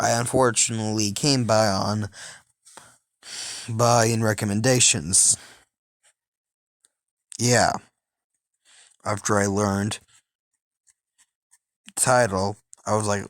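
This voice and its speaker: A man's voice: a little high, dry recording. Rambling man with a dry close sound. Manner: rambling, self-correcting, laughs often. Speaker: video commentator. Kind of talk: casual rambling commentary.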